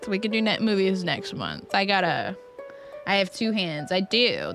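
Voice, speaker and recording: A woman's voice: mid-range voice, sing-song, unhurried, fairly bright tone, soft background music. A woman streamer chatting casually to her chat while she plays, rambling and restarting her sentences.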